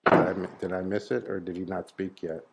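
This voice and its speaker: A man with a fairly low voice gives a spiritual teaching and quizzes his audience. He is playful yet probing, and he presses his points with emphasis. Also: flat delivery, a little fast, heavy background noise.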